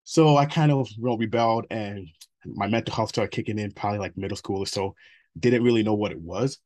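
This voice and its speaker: A man's voice: fairly low pitch, fairly even intonation, brisk, darkish tone. A man in his thirties as an interview guest, talking bluntly and profanely about his past, with laughs between stories. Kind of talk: candid personal interview.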